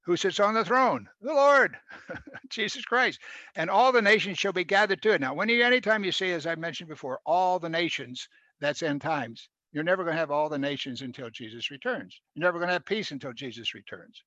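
A man preaches, his fairly high, bright voice surging loud on scripture and falling quiet for asides. The sound is dull and lo-fi, dry with no room echo. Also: animated, brisk. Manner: rises to loud emphatic scripture reading, drops to quiet asides. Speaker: pastor. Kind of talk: sermon, reading and expounding scripture.

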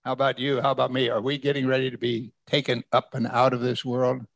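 A man's voice: medium pitch, little pitch movement, quick pace, vocal fry, no echo. A man preaching a conversational sermon, reading scripture verse by verse and putting questions to his listeners. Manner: conversational, asks the congregation questions. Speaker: pastor.

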